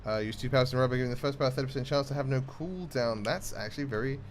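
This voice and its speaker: A man's voice: mid-range voice, rapid-fire, slight background noise. A man casually commenting on his gameplay, joking and muttering through menus. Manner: chatty, jokey, mutters while reading menus. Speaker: gaming channel host.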